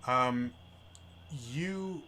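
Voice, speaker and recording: A man narrating as game master of a tabletop game, casual and relaxed, with frequent fillers. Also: mid-range voice, very slow, slight background noise.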